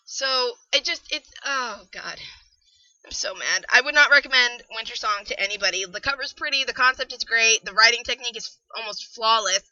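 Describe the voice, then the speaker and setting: A woman's voice: a little high, moderate pace, bright, forceful tone, no room sound, highs cut off. A woman giving a casual podcast book review, exasperated and ranting, swearing freely.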